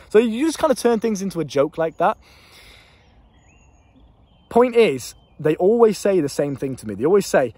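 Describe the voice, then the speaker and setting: Young guy ranting dating tips super fast, kinda husky, swears a lot. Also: on the high side, sing-song, darkish tone, dry recording. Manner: blunt, swearing, laughs at himself. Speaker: dating coach. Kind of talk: casual advice monologue to camera.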